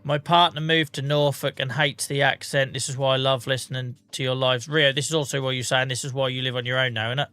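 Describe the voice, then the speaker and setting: Bright-voiced man chatting on stream. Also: mid-range voice, steady tone, fast talker, hardly any pauses, clean tone, no room sound. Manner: chatty, self-mocking, reads out viewer comments. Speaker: livestream host. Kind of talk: casual chat with viewers while gaming.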